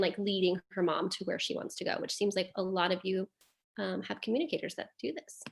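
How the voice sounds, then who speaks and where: A woman behavior analyst presents a caregiver webinar, explaining terms plainly and often saying "um" and "like." Her voice is mid-range and a bit bright.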